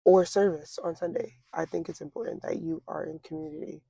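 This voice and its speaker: A young woman in her twenties with a gravelly, creaky edge to her medium-pitched voice. She talks things through slowly, circling back with fillers and restarts. The sound is dry and close, with no room around it. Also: fairly even intonation, mellow, dry recording. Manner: reflective, halting, with many fillers and restarts. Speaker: interview guest. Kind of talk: casual conversation.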